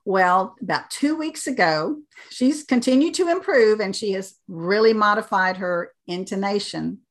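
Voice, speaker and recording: An American woman working as an accent coach, explaining things clearly as an interview guest and turning animated when she tells stories. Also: mid-range voice, measured pace. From United States.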